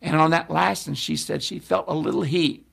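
An older preacher tells a story from the pulpit, acting out the people in it. His voice sits fairly high and is heavily gravelly, with a husky, rough edge. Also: normal speed. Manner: animated storyteller who acts out the people in his tale. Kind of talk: sermon storytelling.

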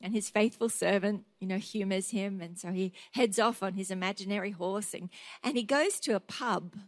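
A middle-aged woman preaching with earnest conviction, slipping into little acted-out voices as she tells her stories. Her voice sits at an ordinary pitch and is recorded close and dry, with no room sound. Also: moderate pace, no room sound. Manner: earnest, storytelling, acts out quoted thoughts. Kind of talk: sermon.

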